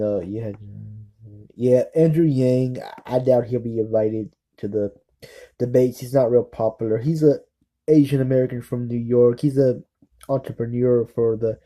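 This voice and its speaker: A man chats casually to his viewers in a deep, very dark tone. He talks haltingly, restarts often, and keeps apologizing for his slips. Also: rough recording. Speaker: political vlogger. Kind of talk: casual unscripted commentary.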